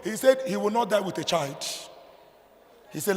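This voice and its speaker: A Nigerian man preaches from the pulpit in a high voice. He hammers points loudly and then falls to quiet, low asides. A long reverb from the hall trails his words. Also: animated, moderate pace. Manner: emphatic preaching, swinging between loud declarations and low asides. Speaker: pastor. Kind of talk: sermon.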